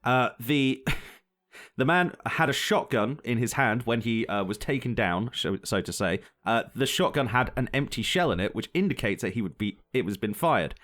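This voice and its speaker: A man's voice: mid-range voice, expressive, moderate pace, fairly bright tone. A young man co-hosting a podcast, walking through a story in casual chat, rambling and sweary, often laughing. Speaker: podcast co-host.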